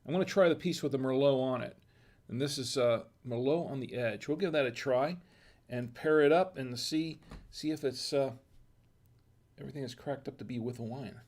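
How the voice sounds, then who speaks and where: A man hosting a home wine and cheese tasting, talking casually and thinking aloud with restarts and quiet asides. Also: medium pitch, normal speed. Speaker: host of a wine tasting show.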